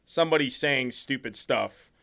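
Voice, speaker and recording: A man's voice: medium pitch, moderate pace, vocal fry, pushed and bright, clean tone. A man from Michigan chatting casually with friends, rambling and laughing often. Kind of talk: casual group chat.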